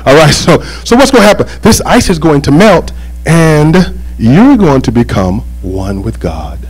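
A male pastor delivers a sermon in a lively, sing-song voice that climbs and falls. He jokes with the congregation and keeps checking in with them. His voice sits a little above the usual male range. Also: a little high, unhurried, husky, low-quality recording. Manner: animated, joking, with call-and-response asides.

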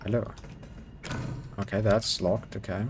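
A man giving excitable let's-play commentary, swearing, joking and pleading with the game as he plays. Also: on the low side, unhurried, over music. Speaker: gaming YouTuber.

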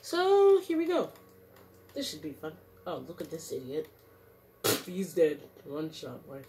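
Excitable woman yelling over gameplay. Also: low-pitched, a little slow, noisy background. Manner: excitable, yelling taunts and squeals. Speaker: gaming streamer. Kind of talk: casual gameplay commentary.

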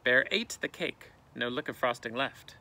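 A male teacher reading a picture book aloud with expressive, dramatic storytelling, outdoors in a canoe. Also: medium pitch, moderate pace, gravelly.

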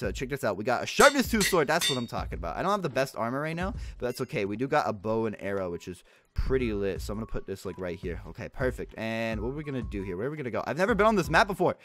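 Excitable young man with a lively voice. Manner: excitable, bursts into high yelps when losing; says like and bro a lot. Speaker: gaming YouTuber. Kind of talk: casual gameplay commentary.

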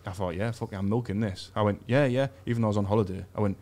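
A man's voice: lowish voice, fairly even intonation, very fast, a little mellow. A man from England with an English accent, telling a rambling story in a casual podcast chat, quoting what people said and swearing a lot. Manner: rambling storytelling with lots of swearing and quoted dialogue. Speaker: guest storyteller, former boxer.

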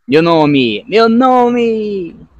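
A man whose first language is Portuguese talks slowly and with care during a casual English practice call. His voice sounds close and dry. He laughs often while he explains how words are pronounced. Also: high voice, very animated, no room sound, dull audio. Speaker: English learner. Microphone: video call.

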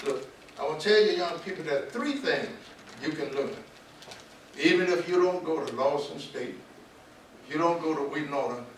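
Brief: older Southern man, pastor, emphatic sermon-like delivery, somewhat high voice, recorded from afar in a big echoing hall. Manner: emphatic, repeats key words, slows for stress. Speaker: pastor and author speaking to students. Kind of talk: preaching-style talk. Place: large auditorium. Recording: echoey hall, distant mic, light noise.

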